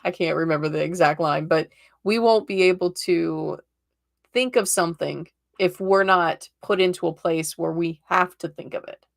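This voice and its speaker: A woman's voice: on the low side, moderate pace, vocal fry. A woman reading tarot cards on a live stream, chatty and reassuring, often checking in with "okay?" and laughing easily.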